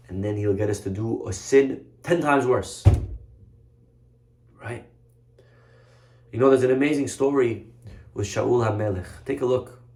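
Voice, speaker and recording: A man, a rabbi, preaching in a lively, conversational storytelling way. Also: medium pitch. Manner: animated, conversational, vivid storytelling. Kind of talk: sermon storytelling. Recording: roomy echoey room.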